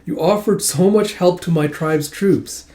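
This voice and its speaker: Excitable young noble, read by a man: high, loud, flustered, mellow tone. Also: unhurried, echoey room, lightly acted. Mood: eager. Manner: higher, louder and excitable.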